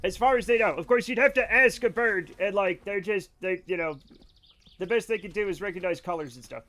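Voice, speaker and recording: A man streaming a game live, chatting casually with his viewers; he rambles, gets excitable and mock-angry, and swears freely. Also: high-pitched, fairly quick. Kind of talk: casual live-stream chat while gaming.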